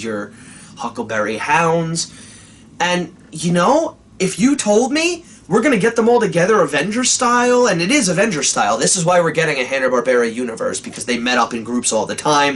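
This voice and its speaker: Animated, profane man ranting. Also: on the high side, breathy edge. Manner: profane, exasperated, sarcastic. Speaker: cartoon reviewer. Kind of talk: ranting comedic review.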